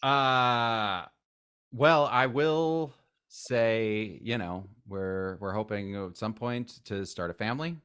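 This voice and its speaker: A man who is a guest in a casual interview, talking enthusiastically and rambling, with sudden loud acted outbursts. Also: lowish voice, slow pace, clean tone.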